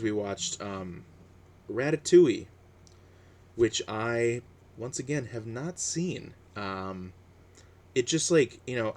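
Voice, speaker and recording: A man chatting casually on his own, hesitant and full of fillers and restarts. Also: fairly low pitch. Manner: relaxed, chatty. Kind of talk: casual personal monologue.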